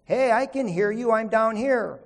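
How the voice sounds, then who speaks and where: A man's voice: sits high, expressive, moderate pace, vocal fry, husky, long reverb tail, exaggerated voice. A man voicing a frightened man clinging to a cliff edge, pleading and bargaining for rescue. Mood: shaky. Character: panicked man dangling over a cliff.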